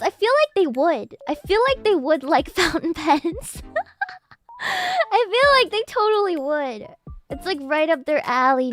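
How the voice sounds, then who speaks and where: A woman with a very high, lively voice, giggly and given to sudden excited outbursts as she chats with her stream viewers. Her tone is bright and ringing, and she talks at an unhurried pace. Faint music plays underneath. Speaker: VTuber streamer. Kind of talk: casual livestream chat with viewers.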